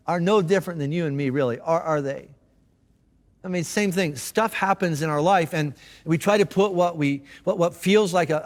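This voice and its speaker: A man's voice: on the high side, long reverb tail. A man preaching a sermon as a pastor, telling the story in a casual, conversational way with frequent restarts. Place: church auditorium.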